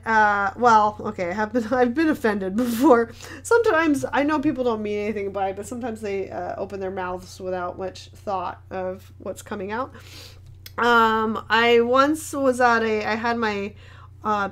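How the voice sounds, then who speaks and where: A woman's voice: mid-range voice, fairly bright tone. A young woman artist chatting casually while she paints and answers viewer questions, rambling with many fillers and easy laughs. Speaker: artist hosting a paint-along.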